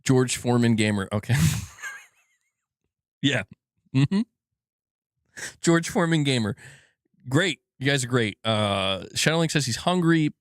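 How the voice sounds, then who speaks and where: A male streamer chats casually on a live stream, cracking jokes, cursing freely and laughing at his own lines. His pitch swings widely and animatedly. The sound is dry and close. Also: lively intonation, unhurried, long pauses, dry recording. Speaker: gaming news streamer.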